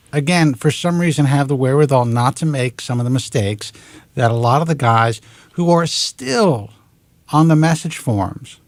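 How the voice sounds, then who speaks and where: A man in his forties with a New York accent, hosting a talk show and ranting in an animated, exasperated monologue into a close studio mic. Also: medium pitch, no echo. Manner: animated, exasperated, swears in clipped letters.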